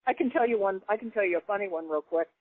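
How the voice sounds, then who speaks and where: Animated woman on a tinny phone line. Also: mid-range voice, quick pace, dry recording. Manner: animated, laughing storyteller. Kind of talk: casual storytelling.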